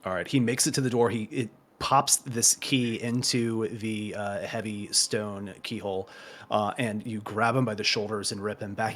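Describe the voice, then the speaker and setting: Low-voiced, hesitant game master. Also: male voice, steady tone, moderate pace, a bit bright. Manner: hesitant, many "uh"s, low-key. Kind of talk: narrating a tabletop game.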